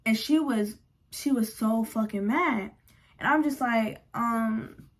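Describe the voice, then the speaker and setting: A young woman vlogger telling a storytime in a casual, animated, slangy and frank way. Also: on the high side, a little slow.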